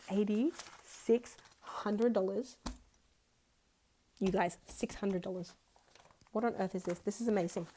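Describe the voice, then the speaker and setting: A woman in her twenties with an Australian accent, chatting excitedly and counting money aloud in a casual budgeting vlog. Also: medium pitch, a little hiss or hum. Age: 20s. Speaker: budgeting vlogger. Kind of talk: casual chat.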